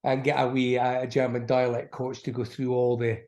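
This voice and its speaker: A man's voice: mid-range voice, little pitch movement, moderate pace, darkish tone. A middle-aged man with an Aberdeen Scottish accent, chatting as an actor guest in an interview, rambling with many restarts. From Aberdeen, Scotland. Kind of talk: casual interview chat.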